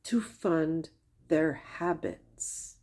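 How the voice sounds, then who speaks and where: A woman's voice: low-pitched, very slow, warm tone. A woman giving critical commentary over clips, blunt and accusing, with pointed repeated questions. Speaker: commentary creator.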